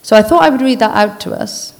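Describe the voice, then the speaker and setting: A woman giving an informal church talk, speaking earnestly in a conversational way and then reading a list slowly and deliberately. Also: on the high side, creaky. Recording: long hall reverb.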